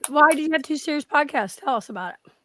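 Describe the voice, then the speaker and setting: A woman's voice: sits high, animated, fast, pushed and bright, no echo. A woman hosting a live stream, chatting casually, rambling and swearing. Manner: rambling, swears, laughs often. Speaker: stream host. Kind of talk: casual chat.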